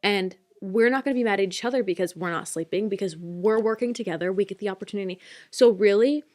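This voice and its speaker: A woman's voice: medium pitch, fast talker, a little mellow. A woman in her twenties, a podcast co-host, chatting casually and emotionally with many fillers. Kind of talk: casual chat.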